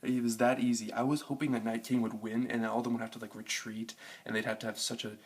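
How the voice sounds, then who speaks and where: A man's voice: mid-range voice, flat delivery, quick pace, husky. A young man giving a frustrated, profane rant reviewing a TV episode, with lots of fillers. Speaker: TV review vlogger. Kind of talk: casual ranting review.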